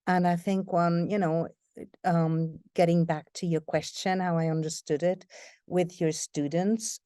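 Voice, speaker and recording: A woman guest, a voiceover narrator, talking casually in an interview with lively, playful delivery. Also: lowish voice, dry recording, clean studio sound. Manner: animated, playful, switches into accents mid-sentence.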